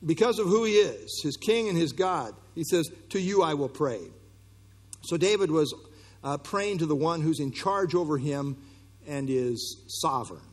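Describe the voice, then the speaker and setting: Husky preacher in a reverberant hall. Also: male voice, a little high, animated, moderate pace. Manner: earnest, conversational teaching with frequent fillers and restarts. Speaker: pastor. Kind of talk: sermon.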